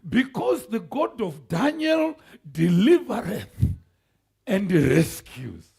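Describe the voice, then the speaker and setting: Gravelly, animated preacher man. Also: high voice, slow pace. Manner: animated preaching with shouts, laughs and call-and-response. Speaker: pastor. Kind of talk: sermon. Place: church sanctuary.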